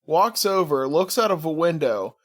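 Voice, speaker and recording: A man's voice: a little high, animated, normal speed. A man co-hosting a podcast, chiming in with wry jokes and frequent laughter during a casual film chat. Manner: wry, jokey interjections, laughs often. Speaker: podcast co-host.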